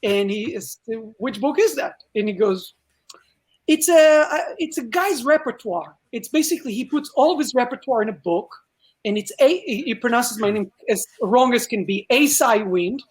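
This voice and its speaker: Lively Israeli man telling a story. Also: extremely high pitch, moderate pace. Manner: lively storyteller acting out quoted dialogue. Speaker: guest magician. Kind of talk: casual podcast storytelling.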